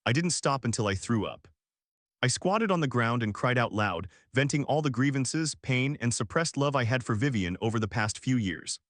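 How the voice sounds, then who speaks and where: Male narrator, earnest steady storytelling, middle pitch, dry close mic. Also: normal speed, dry recording.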